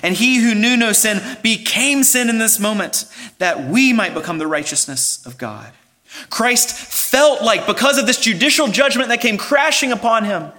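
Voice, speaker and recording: Delivering a sermon, a male pastor speaks in a high, bright voice that carries with some force. He explains earnestly, sometimes restarting a phrase and pushing on with rising emphasis.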